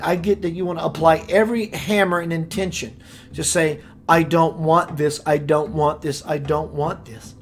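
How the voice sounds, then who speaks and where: A man hosting a spiritual radio show, preaching with playful rhymes and sudden swings between loud and hushed. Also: high voice. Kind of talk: impassioned spiritual talk.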